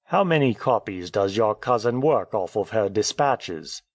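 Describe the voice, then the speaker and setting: A man's voice: fairly low pitch, animated, unhurried, dry recording, clean studio sound. A man reading an audiobook, voicing a wounded, stubborn male English journalist in a terse, reserved way.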